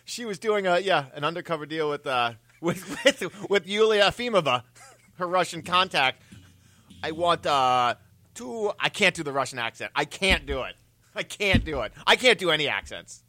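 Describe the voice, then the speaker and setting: A man's voice: on the high side, expressive, moderate pace, sharp tone, no echo. A man co-hosting a sports radio show, self-mocking and laughing often as he stammers through his points. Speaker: radio co-host. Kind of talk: casual radio banter.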